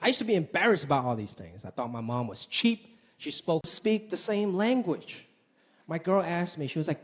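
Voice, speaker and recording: A man doing a stand-up comedy routine, animated and acting out his mother's voice. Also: fairly high pitch, moderate pace. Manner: animated, acts out his mom's voice. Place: comedy stage before a live audience. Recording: live club with crowd and noise.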